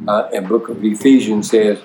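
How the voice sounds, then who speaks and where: A man's voice: on the low side, fairly even intonation, moderate pace, warm tone, reverberant, a little hiss or hum. A man preaching at an evening Bible study, reading scripture aloud and repeating lines for emphasis. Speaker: pastor.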